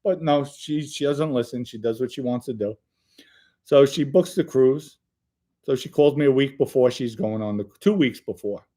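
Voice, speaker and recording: A middle-aged man talks alone to his viewers in a loose, rambling way, his voice sitting at an ordinary male pitch. He jumps from story to story with animated energy and swears casually as he goes. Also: normal speed. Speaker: channel host. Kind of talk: casual solo livestream monologue.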